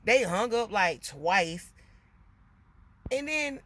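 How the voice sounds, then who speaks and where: A woman venting in a casual monologue to her viewers, animated and emotional, getting loud as she talks. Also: medium pitch, very slow. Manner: gets loud when emotional.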